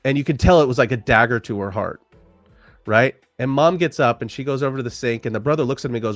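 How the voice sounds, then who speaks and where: A man talking as a podcast guest in a casual conversation, an animated storyteller who swears freely and acts out quotes. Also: medium pitch, quick pace, no room sound, faint music behind.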